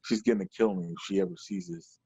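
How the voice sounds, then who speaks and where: A man's voice: low-pitched, fairly even intonation, brisk, mellow, slightly rough, dry recording. A stand-up comedian from Portland, Oregon, a man telling stories in a loose, rambling way, full of "you know". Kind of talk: conversational storytelling. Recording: dull lo-fi recording, dry.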